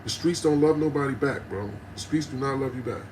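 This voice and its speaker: Guy ranting on his livestream, middle-aged, loud and blunt, cusses a lot. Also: mid-range voice, brisk, slight background noise, rough recording. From New Jersey. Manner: passionate and aggressive, blunt and profane. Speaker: livestream host talking to viewers. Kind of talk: unscripted livestream rant.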